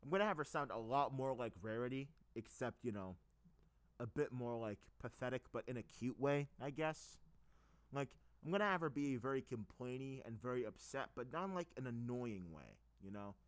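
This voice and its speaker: A young man talking casually at a middle pitch, as if thinking aloud. He hesitates constantly, fills the gaps with ums and uhs, restarts his sentences, and wanders off on tangents. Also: animated, normal speed. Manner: hesitant, many fillers and restarts, goes off on tangents. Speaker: video creator explaining fan project plans. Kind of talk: casual rambling talk.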